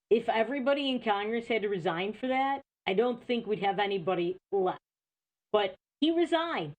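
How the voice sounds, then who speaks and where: A woman's voice: mid-range voice, rough recording. Indignant woman hosting a talk show. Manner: indignant, rhetorical questions. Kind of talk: opinionated political commentary.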